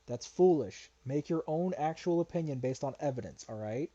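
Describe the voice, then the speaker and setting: A man's voice: fairly high pitch, animated, normal speed, warm tone, muffled recording. A man giving reaction commentary in an argumentative, lecturing way, his voice getting worn. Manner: argumentative, lecturing, repeats "all right?". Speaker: commentary youtuber.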